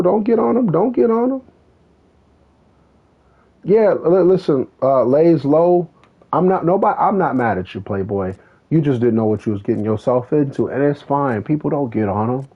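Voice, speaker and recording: A man streaming a racing game, chatting casually and telling a rambling story with lots of swearing. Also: mid-range voice. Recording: tinny phone-like sound.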